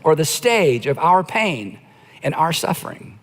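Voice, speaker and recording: Man, pastor, middle-aged, high voice, conversational sermon, dramatic slow emphasis, large reverberant hall. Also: sing-song. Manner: conversational preaching, acts out quoted lines with slow emphatic phrasing.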